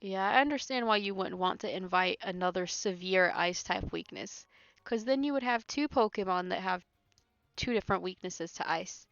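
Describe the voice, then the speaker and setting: A woman's voice: mid-range voice, moderate pace, a bit bright, no echo. Laughing woman chatting on a game stream. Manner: laughs often, rambling with many fillers. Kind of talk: casual chat while playing a game live. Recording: dry, slightly muffled with faint music.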